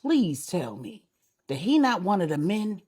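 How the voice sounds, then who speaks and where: A woman voicing a hot-tempered young husband who talks loud and blunt in street slang. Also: high-pitched, very animated, a little slow, husky, full character voice. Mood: indignant.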